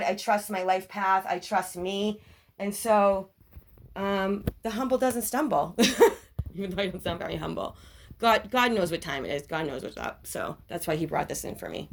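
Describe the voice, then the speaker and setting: A woman giving a casual tarot reading to her viewers, talking in an excitable, rambling way full of asides and apologies. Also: mid-range voice. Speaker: tarot reader. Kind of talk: casual spiritual reading to camera.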